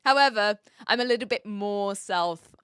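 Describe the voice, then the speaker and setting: A woman's voice: medium pitch, fairly bright tone, clear, resonant tone, dry recording, studio quality. Chatty New Zealand woman streamer. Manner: chatty, reads chat aloud, frequent fillers and quick laughs. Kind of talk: casual live-stream chat.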